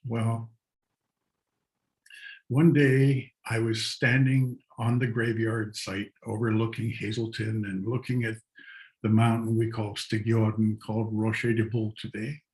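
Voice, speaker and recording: An older man speaks on a video call and tells his stories at an unhurried, deliberate pace. His voice sits a little low and he breaks into soft laughs now and then. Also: level tone, poor audio. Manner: slow, reflective, with soft laughs. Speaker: guest artist and storyteller. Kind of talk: storytelling talk.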